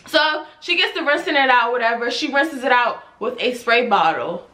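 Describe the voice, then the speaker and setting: A young woman tells a storytime vlog to her camera, exasperated and animated. Her voice sits high and sounds bright and clear. She keeps firing off rhetorical questions about a client. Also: moderate pace, hardly any pauses. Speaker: hairstylist and vlogger.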